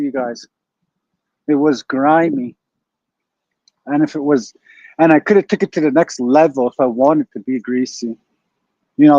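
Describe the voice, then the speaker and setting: A man's voice: a little high, darkish tone, no room sound. A man rambling through a profane story to his viewers, often saying "you guys", on a dull lo-fi recording. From Canada. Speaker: streamer. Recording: dull lo-fi dry sound.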